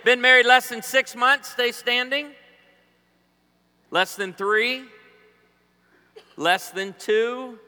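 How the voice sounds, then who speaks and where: A man's voice: extremely high pitch, steady tone, slow, pauses often, bright, forceful tone, clear, resonant tone. A man in his forties preaching a humorous sermon, joking with the congregation and telling stories. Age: 40s. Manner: joking, storytelling, playful banter with the crowd. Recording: long hall reverb.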